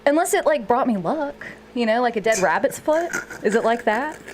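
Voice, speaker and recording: A woman's voice: fairly high pitch, animated, normal speed, a little hiss or hum. A woman comedian as a podcast guest, rambling through jokey banter and laughing a lot.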